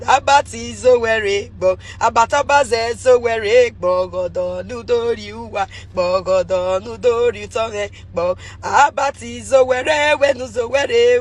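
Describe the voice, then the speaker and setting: A hoarse Nigerian woman giving an effusive, emotional thank-you message full of praise and blessings. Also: mid-range voice.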